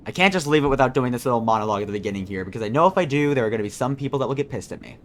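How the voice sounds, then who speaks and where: A man's voice: mid-range voice, lively intonation, rapid-fire, fairly bright tone, a little hiss or hum. A man giving casual, joking let's play commentary over a video game, rambling and self-mocking. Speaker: gaming video creator.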